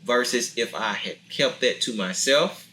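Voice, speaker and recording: Guy hosting a podcast, bright voice, chatty and animated, does little voices for quotes. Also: measured pace. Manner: animated, acts out quotes in a deep voice, laughs often. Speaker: podcast host. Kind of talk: casual podcast chat.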